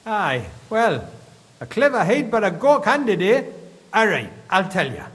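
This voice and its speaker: A gruff Geordie mine foreman. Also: sits high, big pitch swings, unhurried, a bit bright, long reverb tail, exaggerated voice. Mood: grudging. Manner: blunt, grumbling, heavy dialect slang. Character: gruff middle-aged male mine foreman, grumbling and suspicious.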